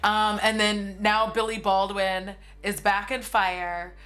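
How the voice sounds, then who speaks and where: Flat and slow, her mid-range voice fairly bright, a woman in her forties runs a movie commentary stream with an offhand, sarcastic recap. She's talkative, fills her speech with "like," and curses freely.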